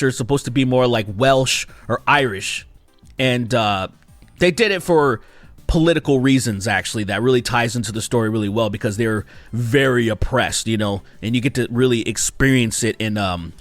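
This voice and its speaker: A man giving a casual spoken game review, animated and exasperated, with mocking asides. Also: medium pitch, no echo. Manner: animated and exasperated, mocking characters with quick impressions.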